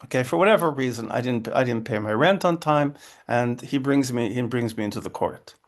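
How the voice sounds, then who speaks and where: A man's voice: mid-range voice, a little fast. A man, a rabbi, explaining ideas in a dialogue, often restarting phrases and checking in with "right?" and "okay?". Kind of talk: interfaith dialogue talk.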